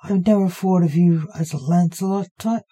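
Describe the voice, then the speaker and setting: A woman's voice: fairly low pitch, normal speed, warm tone, slightly rough. A woman voicing a sceptical male crime boss sharing a prison cell in an audio story, asking one question after another. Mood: quizzical.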